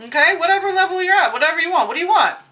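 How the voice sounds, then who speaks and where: Bright-voiced woman giving a tarot reading. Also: very high-pitched, expressive, very fast. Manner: chatty, laughs often, swears casually. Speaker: tarot reader. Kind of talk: casual spiritual tarot reading.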